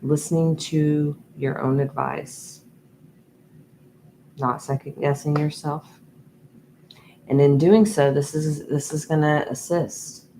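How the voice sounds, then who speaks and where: A woman giving a channeled tarot reading, talking slowly and meandering with many ums and restarts. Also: sits low, steady tone, mellow, a little hiss or hum, rough recording. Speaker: tarot reader. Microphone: USB microphone.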